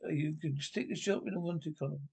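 A man's voice: on the high side, moderate pace, gravelly, a little mellow, husky. An actor playing an indignant young male doctor who quits his hospital job, with cheeky, blunt insults in 1960s British film comedy style.

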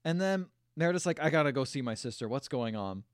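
A man's voice: mid-range voice, quick pace, smooth, no room sound, clean studio sound. A man casually recapping a film on a podcast, acting out the characters' lines with swearing and mock voices. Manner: animated storytelling, acts out lines with mocking quotes, swears. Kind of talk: casual chat.

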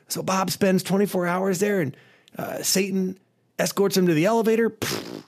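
A man's voice: high-pitched, very animated, normal speed, gravelly, darkish tone. A man telling a long joke in a loose, rambling way, with fillers and restarts.

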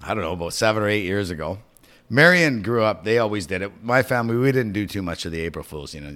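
A man co-hosting a podcast, telling stories in a casual, profane, animated way. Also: on the low side, quick pace. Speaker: podcast co-host. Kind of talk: casual chat.

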